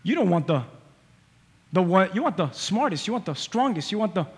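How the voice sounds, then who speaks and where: A man's voice: high-pitched, very animated, a little fast, voice pushed down. A man voicing a reluctant old father who mutters dismissively about his youngest son. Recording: long hall reverb.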